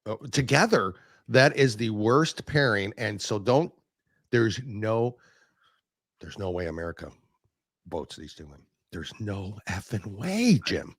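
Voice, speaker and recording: A male podcast host talks in crude, mocking casual chat, his pitch leaping up and down. The sound is close and dry, with no room to it. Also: big pitch swings, measured pace, slightly rough, dry recording. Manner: crude, sarcastic, mocking, swears freely.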